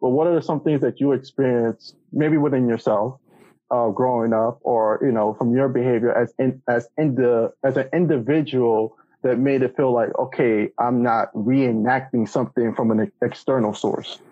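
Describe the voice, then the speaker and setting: A man's voice: medium pitch, fairly even intonation, normal speed, no room sound, dull audio. A man hosting a podcast, asking long rambling questions full of fillers and restarts. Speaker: podcast host. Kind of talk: casual interview chat.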